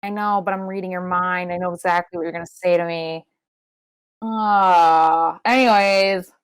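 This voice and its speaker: A woman co-hosting a podcast, recapping a wrestling show in casual chat, swearing freely and leaping into high-pitched impressions. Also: normal speed, smooth, no echo. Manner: animated, profane, jumps into high-pitched impressions. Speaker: podcast co-host.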